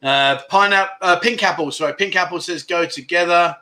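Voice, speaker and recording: Male livestream host, bright and lively, quick to tease the viewers. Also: high voice. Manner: joking, teasing, reading out viewer comments. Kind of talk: casual livestream chat.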